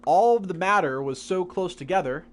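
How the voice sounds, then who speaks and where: A man's voice: sits high, lively intonation, moderate pace, slight background noise. A young man live-streaming a game, casually and patiently explaining science questions from chat.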